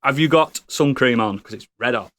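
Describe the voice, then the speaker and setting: A man's voice: mid-range voice, normal speed, fairly bright tone, no room sound. A man hosting a podcast, giving playful jokey introductions. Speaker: podcast host. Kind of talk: casual chat.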